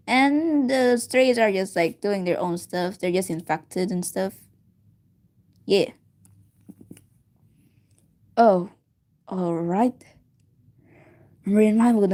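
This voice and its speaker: Halting woman reading a story aloud. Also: on the high side, warm tone. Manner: halting, stumbles and restarts words, giggly asides. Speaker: reader of a story. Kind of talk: casual read-aloud of a fan story.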